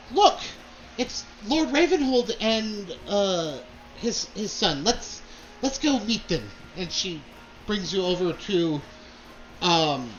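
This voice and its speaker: A man's voice: sits high, sharp tone, lo-fi sound, slight background noise. A man narrating a tabletop game as game master, describing scenes with many fillers.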